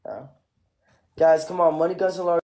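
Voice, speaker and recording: A man's voice: a little high, steady tone, normal speed, warm tone. A man streaming live, thanking viewers for their gifts in laid-back casual chatter. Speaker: livestreamer.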